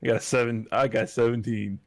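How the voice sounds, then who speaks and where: A man's voice: medium pitch, fairly even intonation, brisk, no echo, studio quality. A man playing a tabletop game, laid-back and joking as he describes his moves. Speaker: player. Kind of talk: casual tabletop play.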